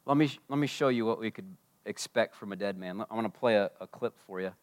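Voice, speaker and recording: A man preaching a sermon at a church service, impassioned, swinging between loud declarations and hushed asides. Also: fairly low pitch, fast. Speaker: pastor.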